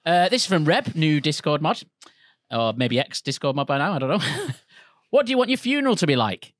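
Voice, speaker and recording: A man's voice: on the high side, very animated, normal speed, a bit bright, no echo, studio quality. A man hosting a comedy podcast in casual chat, running the question segment and laughing often. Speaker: podcast host.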